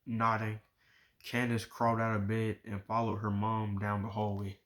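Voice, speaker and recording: A man reading a novel aloud, chapter by chapter, in steady unhurried narration. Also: fairly low pitch. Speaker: audiobook reader.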